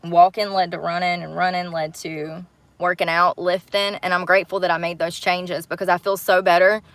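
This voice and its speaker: A woman's voice: on the low side, little pitch movement, moderate pace, fairly bright tone, no echo. Blunt, profane woman ranting on a livestream. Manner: blunt, heated and profane, talks straight to viewers. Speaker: livestream host. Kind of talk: angry livestream rant.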